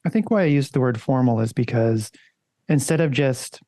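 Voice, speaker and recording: A man's voice: mid-range voice, moderate pace, warm tone, dry recording. A man co-hosting a casual podcast, talking loosely and conversationally and swearing now and then. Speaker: podcast co-host.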